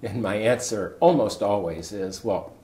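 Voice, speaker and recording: A man in his sixties, a coach, telling a personal story in a conversation with big swings of pitch. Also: sing-song, unhurried, darkish tone. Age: 60s. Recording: echoey room with faint ambience.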